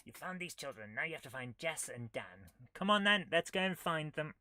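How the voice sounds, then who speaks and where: In a low, sharp-toned voice with no room sound, a retro gaming host reads out the game's text during a casual playthrough, slipping in dry jokes as she goes.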